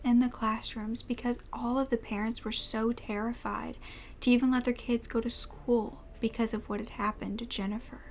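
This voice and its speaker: Woman doing true crime, soft and whispery, fairly high voice, barely any rise and fall. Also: a little hiss or hum. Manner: soft-spoken, often slipping into whispers.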